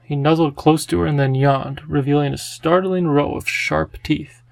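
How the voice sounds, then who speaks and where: A man reading a children's storybook aloud in a gentle, even storytelling manner. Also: fairly high pitch, normal speed, creaky, dry recording. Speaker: audiobook narrator. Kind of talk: scripted storybook narration.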